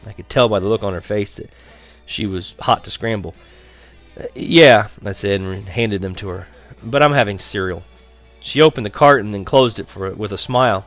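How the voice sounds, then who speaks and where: A man reading a first-person story aloud as narrator, lively and wry. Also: fairly low pitch, fairly quick, soft background music. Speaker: audiobook narrator.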